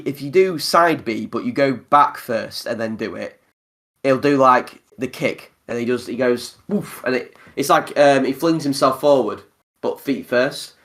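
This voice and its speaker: A man hosting a casual gaming podcast, rambling and animated, often laughing. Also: on the high side. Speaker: podcast host.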